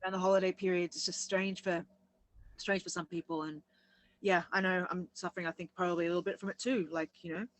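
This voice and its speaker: A woman's voice: fairly low pitch, fairly even intonation, fast talker, rough recording. A woman co-hosting a casual chat, rambling and laughing as she tells her story. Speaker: co-host.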